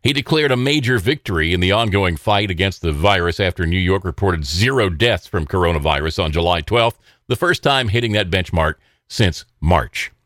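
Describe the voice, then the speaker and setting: A man hosts a political commentary show in a sarcastic, mocking tone, with scoffing laughs between points. His pitch swings widely as he talks. The recording is dry and close, with no room sound. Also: expressive, normal speed, hardly any pauses, a bit bright, dry recording. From American South.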